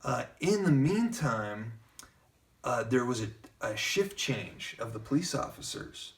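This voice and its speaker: A man's voice: mid-range voice, unhurried, recorded from a distance. A man telling a personal story in casual conversation, acting out what other people said along the way. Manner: lively narrator who keeps acting out quoted dialogue.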